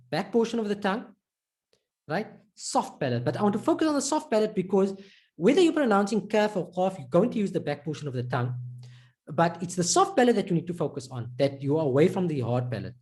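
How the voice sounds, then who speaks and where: A woman's voice: fairly low pitch, a little mellow. A woman teaching an Arabic pronunciation lesson, patiently explaining and repeating each sound many times as she demonstrates it.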